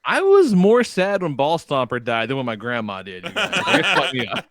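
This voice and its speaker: Animated, swearing male podcast host. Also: on the high side, normal speed, no room sound, clean studio sound. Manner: animated storytelling, swearing, acting out voices. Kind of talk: casual chat.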